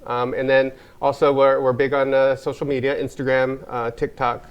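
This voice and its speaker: A man's voice: medium pitch, level tone, moderate pace, smooth, lo-fi sound. An American man, a wellness spa owner, talking earnestly in a casual interview, rambling with many fillers and restarts.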